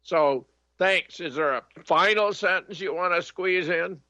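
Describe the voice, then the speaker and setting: An older man hosting a call-in radio show, politely and briskly moving callers along. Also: sits high, sharp tone, no room sound. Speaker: radio talk show host.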